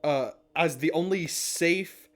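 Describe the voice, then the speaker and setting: A man's voice: fairly high pitch, slow. A man recapping and commenting in a casual, chatty way, laughing often and swearing now and then. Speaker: podcast-style episode analyst. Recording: music playing underneath.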